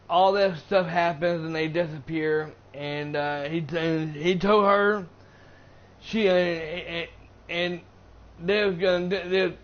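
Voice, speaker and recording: A man with a high voice casually recaps a movie for his live stream. He rambles, stumbling over restarts and constant fillers. The audio sounds dull and lo-fi. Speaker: gaming streamer reviewing a movie.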